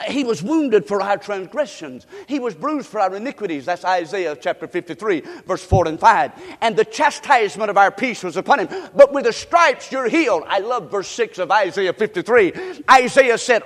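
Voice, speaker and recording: High-voiced man preaching in a reverberant sanctuary. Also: expressive, moderate pace. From United States. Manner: preaching with call-and-response to the congregation. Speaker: pastor. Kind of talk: sermon.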